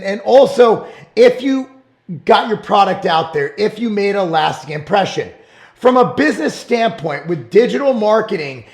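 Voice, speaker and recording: A middle-aged man hosting his own show, talking bluntly and emphatically in a casual monologue, sometimes rising to shouts. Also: high voice. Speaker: show host and supplement business owner. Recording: roomy echo.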